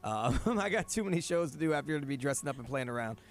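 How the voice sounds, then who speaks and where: A man co-hosting a morning radio show, joking in rapid, animated banter. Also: on the high side, soft background music. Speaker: radio co-host. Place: radio studio.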